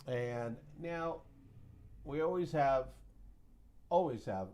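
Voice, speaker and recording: A man's voice: medium pitch, expressive, slow pace, darkish tone. A man hosting a casual market recap, chatty and joking, with sound-effect mimicry. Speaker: host of a trading recap show.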